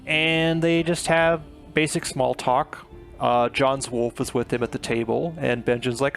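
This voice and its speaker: Gravelly-voiced male book reviewer, chatty and loose, with soft guitar bed. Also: medium pitch, steady tone, normal speed. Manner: chatty, filler-heavy retelling with paraphrased quotes. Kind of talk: casual book recap.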